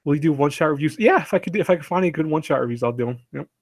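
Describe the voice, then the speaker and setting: A man's voice: a little high, rapid-fire, no room sound, studio quality. A man hosting a casual live stream, rambling and chatty, laughing often and reading chat aloud.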